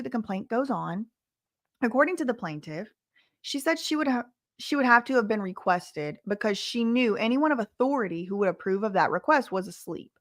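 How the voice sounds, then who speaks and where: A woman's voice: medium pitch, no echo, studio quality. Woman casually breaking down a lawsuit. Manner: reads transcript quotes aloud with frequent asides. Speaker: legal commentary host. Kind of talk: casual commentary reading from a lawsuit.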